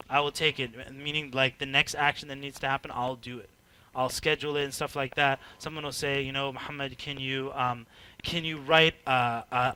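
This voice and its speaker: Bright-voiced animated male workshop speaker. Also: fairly high pitch, clean tone. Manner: animated, acts out dialogue, frequent fillers and laughs. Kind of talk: informal teaching talk to a group.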